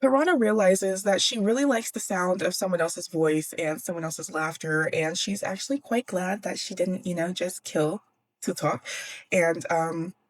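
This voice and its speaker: Woman, book vlogger, low voice, dry close sound, casual sarcastic slang. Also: no room sound. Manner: slangy, sarcastic, laughs often.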